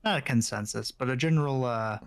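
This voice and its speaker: A man in casual podcast chat, explaining his views in a measured way with many fillers. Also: medium pitch, creaky, smooth. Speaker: podcast co-host.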